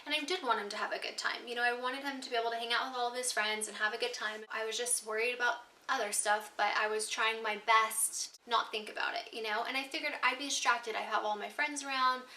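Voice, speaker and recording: A woman's voice: on the high side, fairly even intonation, quick pace, few pauses, bright, forceful tone, distant mic, a little hiss or hum. A woman in her twenties telling a storytime vlog, candid and upset, swearing freely as she recounts her grievance. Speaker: vlogger. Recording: roomy echo, mic set back.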